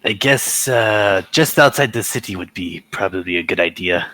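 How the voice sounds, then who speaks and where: A man's voice: deep voice, expressive, normal speed, pushed and bright. A man playing a tabletop game, answering hesitantly and easygoing. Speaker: player.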